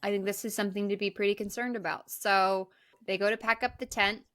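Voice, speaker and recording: A woman co-hosting a podcast, recapping a film in an animated, profane, casual way. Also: mid-range voice, brisk. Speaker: podcast co-host. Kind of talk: casual movie recap chat.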